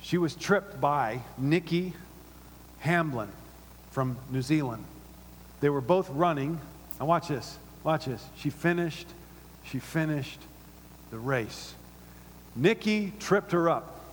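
A middle-aged pastor preaching a sermon in a church, animated and repetitive, dropping to soft asides between louder points. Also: male voice, fairly high pitch, slow, pauses often, a little hiss or hum. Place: church auditorium. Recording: long reverb of a large hall.

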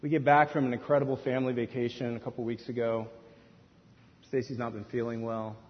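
A man in his thirties preaching a sermon in a church, telling a story with hushed asides that rise to near-shouts. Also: mid-range voice, little pitch movement, brisk. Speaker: pastor. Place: church sanctuary. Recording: dull sound in a reverberant hall, faint noise.

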